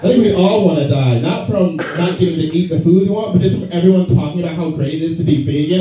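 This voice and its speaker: Male stand-up comic, animated delivery, recorded from a distance with heavy echo. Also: a little high, brisk. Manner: loose, laughing, slips into mock voices. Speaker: stand-up comedian. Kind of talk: stand-up set with crowd work. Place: small comedy venue with audience. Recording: far-off echoey room, dull lo-fi sound.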